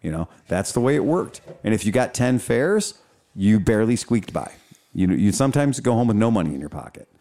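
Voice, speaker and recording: Rambling low-voiced podcast host. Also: male voice, big pitch swings, fairly quick, dark tone. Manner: rambling, swears, many restarts. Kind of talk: casual chat.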